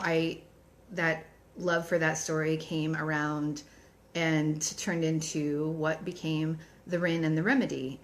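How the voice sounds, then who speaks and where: A woman author in a casual live-streamed book chat, chatty and enthusiastic, reading out book titles between frequent ums. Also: on the low side.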